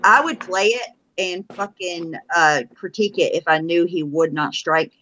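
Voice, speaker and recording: A woman's voice: on the low side, moderate pace, pushed and bright, low-quality recording. A woman co-hosting a casual live-stream chat, blunt and profane, teasing with laughter.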